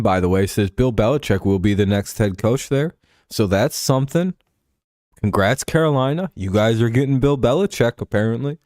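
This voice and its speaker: Profane, rambling sports-show host, low voice. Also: male voice, darkish tone, dry recording. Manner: profane, rambling, laughs often. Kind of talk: casual sports commentary.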